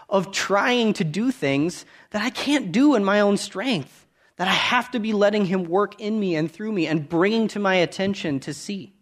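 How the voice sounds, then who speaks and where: In his thirties, a man delivers a sermon in a high-pitched voice, earnest and conversational. He gets loud on key points and drops to quiet asides.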